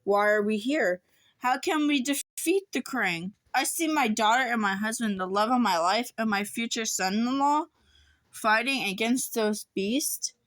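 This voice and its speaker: A woman reading as a dying gentle mother. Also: fairly high pitch, measured pace, dry recording. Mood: wondering.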